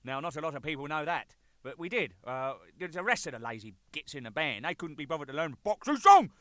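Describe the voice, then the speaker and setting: A man's voice: fairly high pitch, very animated, brisk, a bit bright, no room sound, studio quality. A man in his thirties telling cheeky, rambling anecdotes as a band drummer, with lots of swearing. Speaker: band drummer presenting a record. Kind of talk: jokey rambling monologue.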